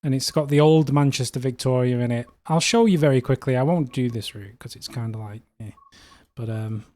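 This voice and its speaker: Hosting a relaxed livestream, a British man rambles along with plenty of fillers. His voice is medium-pitched and a little mellow, and he speaks briskly.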